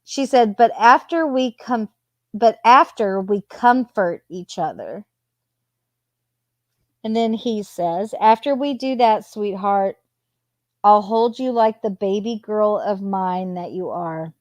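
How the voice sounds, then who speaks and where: A mid-range female voice takes its time, with no echo on the recording. The speaker, a true crime commentator, sits at home near her cat, casually going through text messages aloud and adding sarcastic comments in between.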